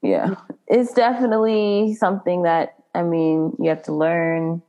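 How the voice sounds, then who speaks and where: A woman's voice: lowish voice, level tone, a little slow, mellow. A woman co-hosting a film podcast, chatting playfully and wrapping up the episode. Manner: playful, chatty, wraps up the show. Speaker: podcast co-host. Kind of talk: casual film podcast chat.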